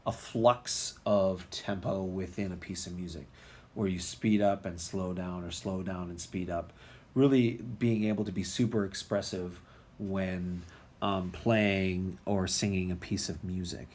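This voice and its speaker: Casual low-voiced male music teacher. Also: fairly even intonation, measured pace, a little mellow. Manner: casual, many ums and restarts. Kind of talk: recorded lecture walkthrough.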